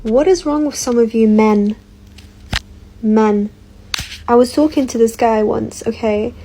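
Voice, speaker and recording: Woman, higher pitch, wry and amused casual storyteller. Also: unhurried, mellow, a little hiss or hum, poor audio.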